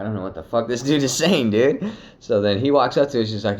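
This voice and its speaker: A young man casually telling a personal story, profane and animated, slipping into acted quotes. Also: medium pitch, a little fast. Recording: dull lo-fi recording.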